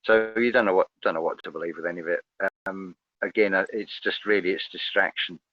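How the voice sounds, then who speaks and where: A man's voice: deep voice, fairly quick, no echo, lo-fi sound, soft background music. A man in casual conversation as a guest, hesitant, often repeating words as he starts a thought.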